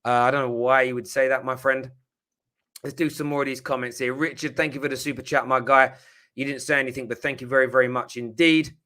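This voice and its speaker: A man's voice: mid-range voice, fairly even intonation, fast, bright, forceful tone. A man hosting a live football reaction stream, talking with passion and emphasis, cursing when riled up. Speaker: football fan channel host.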